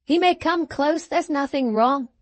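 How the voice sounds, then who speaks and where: A woman playing a nervous, quivering gentleman. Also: high voice, a little slow, dry recording, voice pushed up. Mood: uneasy. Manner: mildly quivering speech. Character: nervous middle-aged male gentleman passenger.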